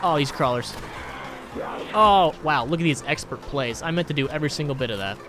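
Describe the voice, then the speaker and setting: A young man who makes gaming videos on YouTube spins crude, sarcastic, rambling anecdotes over his gameplay commentary. He talks fast at a medium pitch, with faint music in the background.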